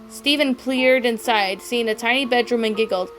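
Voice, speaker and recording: Higher-voiced woman reading a fan story. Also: normal speed, a bit bright. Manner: stumbling, self-correcting reading. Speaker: story narrator. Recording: faint background music.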